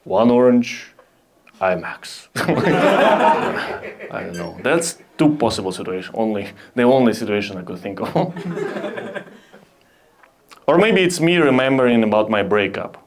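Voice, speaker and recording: A young man from Belarus with a Belarusian accent, doing a halting, deadpan stand-up set at a comedy club. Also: medium pitch, a crowd in the background. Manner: deadpan, halting, with restarts and self-deprecating asides. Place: comedy club stage with a laughing audience. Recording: live club audience laughter.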